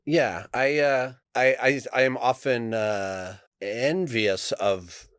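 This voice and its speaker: A man's voice: medium pitch, takes it slowly, a bit bright, clean tone, no room sound, clean studio sound. A man on a podcast in casual chat, reflective and frank, swearing casually as he thinks aloud. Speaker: podcast regular.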